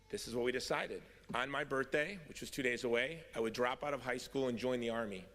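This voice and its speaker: A man with a mid-range, fairly bright voice gives a storytelling speech at a convention, joking at his own expense. The recording carries a hall's long reverb.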